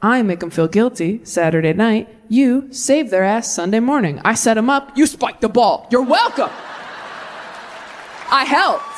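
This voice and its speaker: A young woman performing stand-up comedy on stage, wry and animated, jumping to high squeaks for emphasis. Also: measured pace. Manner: wry, animated delivery with sudden high-pitched bursts. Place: comedy stage before a live audience.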